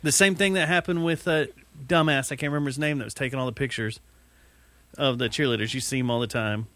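A man co-hosts a casual podcast, tossing in dry wisecracks between rambling stories. His pitch sits in an ordinary middle range. The sound is dry, with no room around it. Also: fairly even intonation, quick pace, pushed and bright, no room sound. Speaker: podcast co-host.

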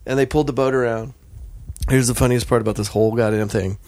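An American man casually telling a story on a podcast, animated and profane, acting out the voices of the people in it. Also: mid-range voice, fast, no echo. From United States.

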